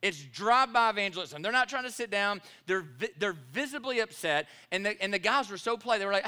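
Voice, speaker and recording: A man's voice: sits high, lively intonation, quick pace, hardly any pauses, sharp tone, smooth. A man, a pastor preaching a sermon and telling a personal story, acting out the dialogue with animation.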